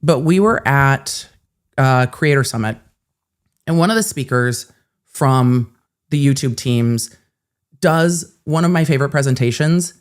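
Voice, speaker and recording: A woman host telling a personal story in casual livestream chat, animated and self-mocking, with some swearing. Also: a bass voice, unhurried, pauses often.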